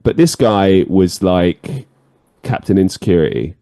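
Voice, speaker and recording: A low-voiced man hosts a podcast at an unhurried pace, telling stories animatedly in casual chat, swearing freely and laughing often. The recording is dry and studio quality.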